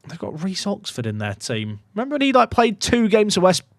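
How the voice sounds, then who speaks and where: A young man giving casual, excitable commentary on his game to his chat, swinging from muttering to loud outbursts. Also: high-pitched, brisk, no room sound, clean studio sound. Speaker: gaming YouTuber.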